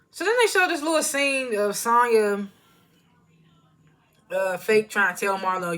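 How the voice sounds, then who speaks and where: A woman's voice: medium pitch, takes it slowly, pauses often, a bit bright. A woman giving a casual, rambling recap of a reality show, loose and slangy, often laughing at herself. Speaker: TV show reviewer. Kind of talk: casual chatty recap commentary.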